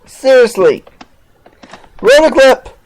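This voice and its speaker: A man's voice: very high-pitched, sing-song, takes it slowly, poor audio. A male podcast host ranting in a mocking, sarcastic way, over and over asking "seriously". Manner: sarcastic, keeps saying "seriously".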